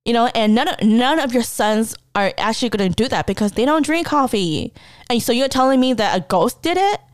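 A young woman hosting a podcast, telling a personal story in a blunt, profane and animated way. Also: fairly high pitch, a little fast, no room sound, clean studio sound. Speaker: podcast host. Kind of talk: casual storytelling monologue.

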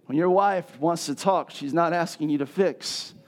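A middle-aged man preaching a sermon as pastor, animated and building to loud rhetorical questions. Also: fairly high pitch, normal speed.

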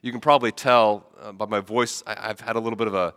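A man's voice: lowish voice, fairly even intonation, fast talker, fairly bright tone, smooth, in a large hall. A man preaching a sermon with a head cold, talking conversationally and often repeating words as he starts sentences. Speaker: pastor.

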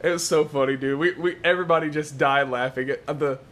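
A young man in casual chat, telling a story with animated bursts and loud laughing exclamations. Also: on the high side, fast talker.

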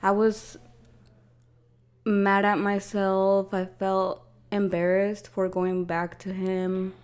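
A woman's voice: mid-range voice, level tone, takes it slowly, a little mellow, smooth. A young woman from Mexico telling a personal story in a casual podcast chat, emotional and confiding, with many "like"s. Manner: emotional, confiding, heavy use of "like". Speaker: podcast co-host.

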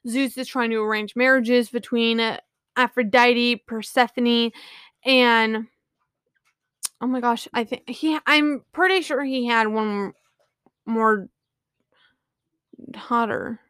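Woman host, slightly high and smooth voice, loose chatty retelling, lots of "like"s, keeps apologizing. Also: fairly even intonation, takes it slowly, pauses often, a bit bright, no room sound, studio quality. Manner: rambling, filler-heavy, often apologizing. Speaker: podcast host. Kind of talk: casual retelling of a book.

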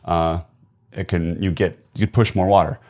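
A man co-hosting a podcast in casual chat, telling stories with animated jumps in pitch. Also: unhurried. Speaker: podcast co-host.

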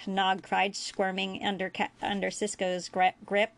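A woman reading fan fiction aloud as a storyteller, with a steady pace and small slips. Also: medium pitch, moderate pace, vocal fry, few pauses. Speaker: audiobook reader.

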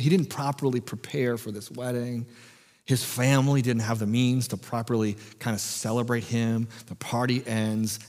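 A man's voice: medium pitch, darkish tone, big-room sound. An American man preaching a sermon as pastor, conversational and jokey, often restarting his phrases.

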